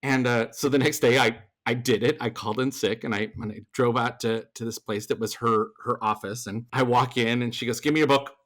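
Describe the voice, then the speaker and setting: A man's voice: mid-range voice, a little fast, hardly any pauses. Chatty male theater performer telling stories. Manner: animated, acts out other people's lines in the story; loose, chatty delivery with fillers and restarts. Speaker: podcast guest, theater performer and voice actor. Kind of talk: conversational storytelling.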